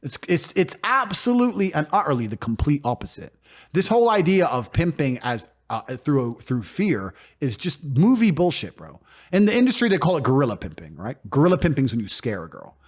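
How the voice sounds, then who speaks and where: Fast, animated, blunt-talking man. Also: fairly high pitch. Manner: blunt, emphatic, swears freely; acts out quoted speech in put-on voices. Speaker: podcast guest. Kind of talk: casual conversational interview.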